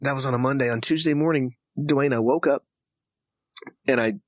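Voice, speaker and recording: Give me a man from Texas telling a personal story, animated, with a dry close sound. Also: medium pitch, moderate pace, no room sound. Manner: animated storyteller who acts out dialogue. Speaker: podcast guest.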